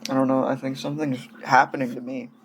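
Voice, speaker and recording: A man's voice: mid-range voice, flat delivery, quick pace, a little hiss or hum. A man casually gushing and rambling through hobby news in a vlog, coming down with a cold and sounding feverish. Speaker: doll-hobby vlogger.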